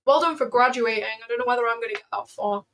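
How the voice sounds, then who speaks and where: A woman's voice: fairly high pitch, quick pace, fairly bright tone. A woman hosting a casual trading livestream, chatting freely with lots of fillers and answering viewers as she goes. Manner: chatty, filler-heavy, answers chat aloud.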